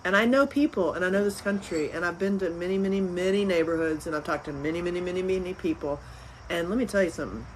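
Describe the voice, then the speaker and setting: Animated laughing woman chatting. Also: fairly low pitch, quick pace, a little hiss or hum, poor audio. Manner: animated, laughing, repeats phrases. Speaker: interview guest, filmmaker and author. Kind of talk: casual interview chat.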